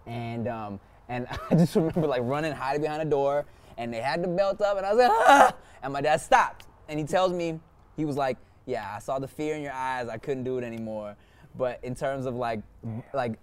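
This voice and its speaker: A man hosting a casual podcast, telling a childhood story and laughing as he goes. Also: mid-range voice. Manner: relaxed storyteller, laughs mid-sentence, acts out quotes. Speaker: podcast host.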